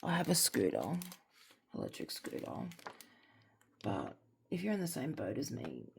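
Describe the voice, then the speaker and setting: Gravelly low-voiced Australian woman. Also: wildly swooping pitch, unhurried, slight background noise. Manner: rambling, candid, drifting into soft near-whispers. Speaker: crafting vlogger. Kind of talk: casual chat while crafting.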